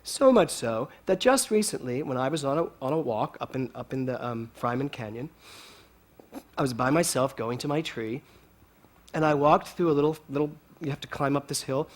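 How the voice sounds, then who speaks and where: A man giving a storytelling sermon to a congregation, animated and often laughing as he talks. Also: mid-range voice, moderate pace. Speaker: speaker at a spiritual center.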